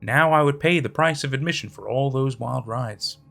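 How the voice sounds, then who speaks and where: A man narrating a horror story in a dramatic, expressive reading. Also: medium pitch, moderate pace, gravelly. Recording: faint background music.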